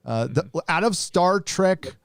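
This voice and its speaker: A man's voice: high voice, lively intonation, takes it slowly, gravelly, smooth, no echo, clean studio sound. A middle-aged man hosting a live stream, chatting casually and reading viewer messages, with a loose, rambling delivery full of restarts. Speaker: host reading super chats.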